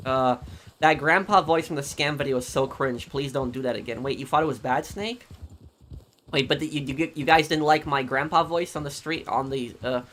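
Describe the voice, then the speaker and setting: A man chatting live with viewers on a game stream, rambling and halting, with many fillers as he answers their questions. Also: medium pitch, a bit bright, a little hiss or hum. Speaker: gaming streamer.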